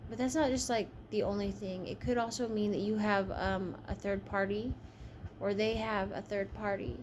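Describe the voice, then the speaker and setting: A woman's voice: medium pitch, steady tone, moderate pace, darkish tone. Tired woman doing a chatty tarot reading, blunt and casual, some faint hiss in the background. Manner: chatty, frank, swears casually. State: tired, yawning. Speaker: tarot reader.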